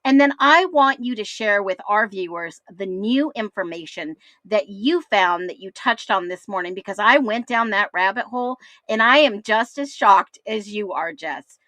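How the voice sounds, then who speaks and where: A woman's voice: medium pitch, lively intonation, normal speed, few pauses, pushed and bright, dry recording. A woman hosting an interview, direct and eager as she steers the talk. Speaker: host.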